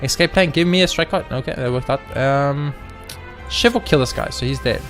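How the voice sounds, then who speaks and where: Excitable gaming commentator, a man. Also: medium pitch, brisk, faint music behind. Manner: excitable, swears, talks to the game. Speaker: let's play host.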